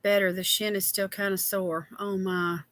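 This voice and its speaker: A woman's voice: mid-range voice, little pitch movement, moderate pace, a bit bright, no room sound. A woman hosting a casual skincare livestream, chatty and tired, greeting viewers by name.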